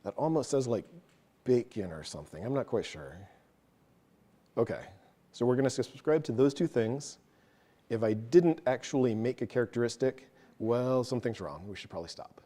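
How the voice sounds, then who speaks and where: With an expressive, medium-pitched, dark voice at a moderate pace, a man presents live code to a tech meetup. He goes through it step by step in a laid-back way, adding self-deprecating asides.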